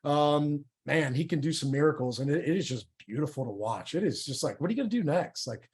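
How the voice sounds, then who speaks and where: A middle-aged man with a fairly high voice tells his testimony in a church interview. He talks candidly and with feeling, tripping over words and starting sentences again. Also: expressive, fairly quick. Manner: candid, emotional, stumbles and repeats words. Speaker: guest sharing his testimony.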